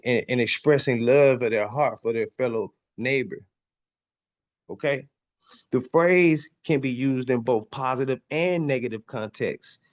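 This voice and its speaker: A man hosting a podcast, teaching on spiritual topics in a preachy way, reading passages aloud and repeating lines for emphasis, often stumbling over repeated words. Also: medium pitch. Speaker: podcast host.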